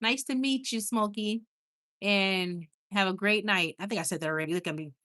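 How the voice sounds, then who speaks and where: Late at night, a talkative woman runs a livestream, addressing viewers directly and reading out what they comment. Her voice sits in the mid range at a normal speed, lively and full of laughter, and she trips over words and starts again, rambling with a relaxed, weary warmth.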